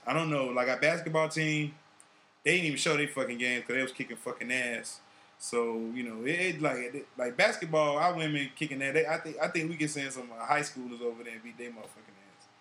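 A man hosting a podcast in casual chat, animated, with heavy swearing and street slang. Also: mid-range voice, slight background noise. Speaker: podcast host.

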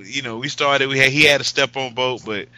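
A man from the United States co-hosting a podcast, telling jokes and stories in loud, casual banter. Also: mid-range voice, fairly even intonation, a little fast, clean tone, low-quality recording. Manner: loud, joking, storytelling. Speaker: podcast co-host.

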